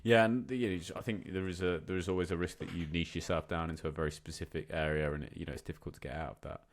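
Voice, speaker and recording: Brief: male podcast host, very low voice, measured and hesitant. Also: steady tone. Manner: thoughtful, hesitant questions with fillers. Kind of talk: casual interview.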